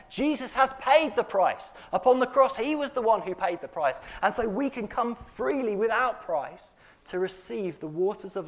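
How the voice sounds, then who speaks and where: A man preaches from the pulpit with a voice pitched a little high. He leans hard on key words, swings from near-shouts to quiet lines and keeps pressing the congregation with questions. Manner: emphatic, wide swings between loud and soft; asks the congregation rhetorical questions. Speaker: pastor. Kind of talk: sermon.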